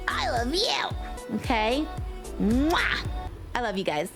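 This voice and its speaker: Playful woman streamer with a lively voice. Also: slow pace, over music. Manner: playful, swings into squeaky baby talk and screams. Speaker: livestreamer. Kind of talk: casual live-stream chat.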